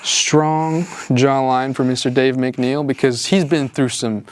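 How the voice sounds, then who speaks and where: A man leads a casual drawing lesson, narrating his strokes as he goes. His delivery is playful and teasing, with his voice jumping up on the jokes. The sound is dry and close, at a middle pitch. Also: fairly even intonation, slow, darkish tone, dry recording. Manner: joking, talks while drawing, voice jumps up when teasing. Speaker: drawing show host.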